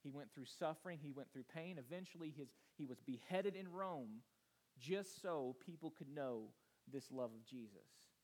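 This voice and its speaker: A man's voice: a little high, lively intonation, normal speed, a little mellow. A man in his thirties, a pastor, preaching an earnest, rambling sermon told through family stories. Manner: earnest, rambling storytelling with restarts.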